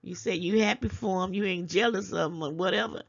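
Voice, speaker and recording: A woman who runs her own commentary channel lectures her viewers in a casual vlog, firing off rhetorical questions and chuckling between points. Her voice sits fairly low and sounds creaky, her pace is brisk, and the audio is lo-fi. She comes across as preachy and scolding.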